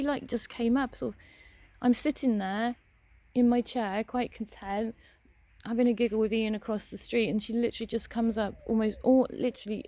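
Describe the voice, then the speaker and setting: Sweary, blunt woman with gravelly voice. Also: medium pitch, warm tone, no echo. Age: young adult. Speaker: vlogger. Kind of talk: casual ranting monologue.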